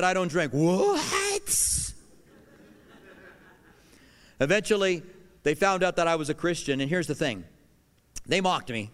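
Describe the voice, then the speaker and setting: A middle-aged male pastor preaching a sermon in earnest, swinging from loud declarations to hushed lines. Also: on the high side. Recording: long hall reverb.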